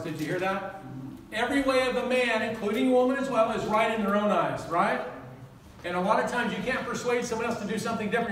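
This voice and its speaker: An older man preaching a sermon as pastor, passionate and quick, often asking the congregation questions. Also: very high-pitched, a bit bright, a little hiss or hum. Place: church hall. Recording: roomy echo, mic at a distance.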